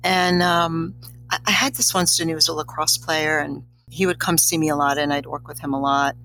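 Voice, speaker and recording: A woman's voice: sits low, steady tone, a little fast, pushed and bright, low-quality recording. A middle-aged woman, a guest on an interview show, telling a personal story in a reflective, slightly teary way. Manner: emotional, reflective, a little teary.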